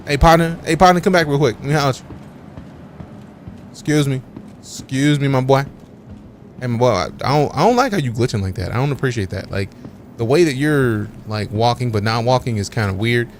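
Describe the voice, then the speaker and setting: A man's voice: mid-range voice, expressive, a little fast, a little hiss or hum. A man live-streaming a game, chatting casually with his viewers and joking around with playful, mock-offended trash talk full of slang.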